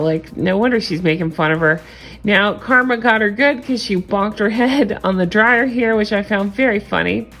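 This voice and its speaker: A woman's voice: mid-range voice, fairly bright tone. A woman vlogger giving a casual, chatty recap of a reality show, frank and gossipy, with frequent laughs and casual swearing.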